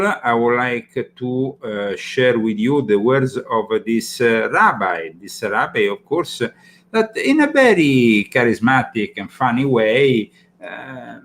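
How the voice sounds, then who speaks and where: A man with an Italian accent hosting a talk show, speaking in halting sentences full of fillers and repeated words. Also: medium pitch. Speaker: host. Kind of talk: casual talk-show commentary.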